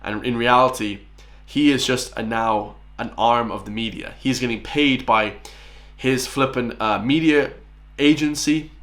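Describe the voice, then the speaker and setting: A man in his late twenties rants through a reaction commentary in a mid-pitched voice. He sounds scornful and combative, and keeps turning to his viewers as lads and guys. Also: fairly even intonation, measured pace, fairly bright tone. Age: 20s.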